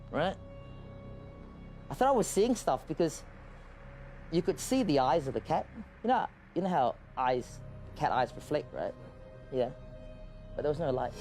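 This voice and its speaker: Telling a story casually and with lots of energy, a man keeps stammering and starting over, his talk loose and full of swearing. His voice sits slightly high.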